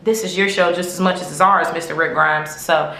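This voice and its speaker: A woman hosting a podcast, telling stories in an animated, chatty way full of slang and swearing. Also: low voice, brisk, vocal fry, echoey room. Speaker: podcast host. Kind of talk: casual fan chat.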